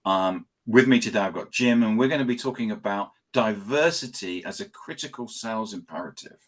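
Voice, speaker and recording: Low-voiced guy hosting an interview, lots of ums and restarts, dry sarcastic bits. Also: brisk. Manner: hesitant, many fillers and restarts, dry sarcasm. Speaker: host. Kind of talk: casual interview chat.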